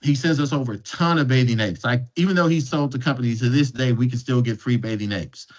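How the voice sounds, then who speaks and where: A man's voice: mid-range voice, fast, rough recording. A man as a guest speaker telling stories in a conversational way, often restarting and repeating words. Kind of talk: conversational storytelling.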